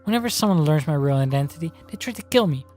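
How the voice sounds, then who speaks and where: A woman's voice: deep voice, expressive, quick pace, darkish tone, faint music behind. A woman reading as a guarded teen assassin girl. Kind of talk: reading game subtitles aloud.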